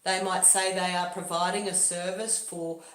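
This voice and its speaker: A woman's voice: lowish voice, flat delivery, normal speed, a bit bright, roomy sound. A woman talking through a casual livestream monologue in a musing, loosely paced way. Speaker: livestream host.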